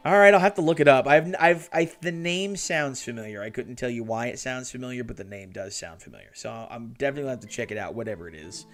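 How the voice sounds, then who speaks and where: A man's voice: medium pitch, lively intonation, quick pace, few pauses, a bit bright. A man hosting a hobby build live stream, chatting casually, swearing and laughing often, and reading chat messages aloud.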